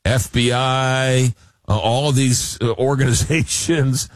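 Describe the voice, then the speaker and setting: Male radio host, mid-pitched, joking banter, dry studio sound. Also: fairly even intonation, slow pace, dry recording. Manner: chatty, repeats words, jokey. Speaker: radio talk show host. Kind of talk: talk radio chat.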